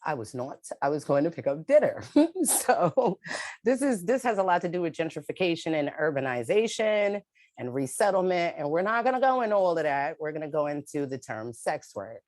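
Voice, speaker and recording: A woman's voice: low voice, very animated, moderate pace, darkish tone, no echo. A woman, an advocate telling her own story in a direct, emphatic way on a video call. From New York City. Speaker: advocate and panelist. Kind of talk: spoken-word poem, then personal testimony. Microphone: remote video call mic.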